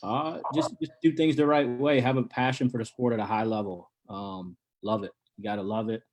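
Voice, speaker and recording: A man's voice: lowish voice, fairly even intonation, fairly quick, darkish tone. A man who coaches college wrestling, answering interview questions in a laid-back way, with lots of ums and restarts. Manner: laid-back, many ums and repeated starts.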